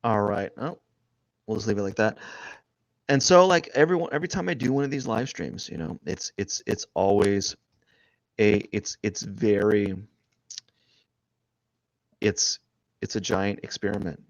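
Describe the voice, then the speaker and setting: A man streaming live as he draws, rambling and thinking aloud, restarting his sentences and often trailing off quietly. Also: fairly low pitch, measured pace, pauses often, no echo, lo-fi sound. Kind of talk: casual live-stream narration while drawing.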